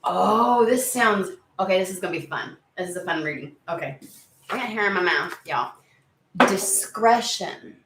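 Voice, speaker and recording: A woman giving a casual tarot reading to her viewers, chatty and excitable, swearing freely and talking through plenty of fillers. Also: fairly low pitch, a little fast, roomy sound, slight background noise, low-quality recording. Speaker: tarot reader.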